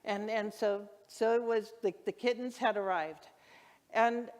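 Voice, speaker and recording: A woman minister preaching a sermon, telling stories with enthusiasm and lively shouts. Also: mid-range voice, a little slow, big-room sound. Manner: enthusiastic storytelling, acts out her own excited shouts. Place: church hall. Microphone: handheld microphone.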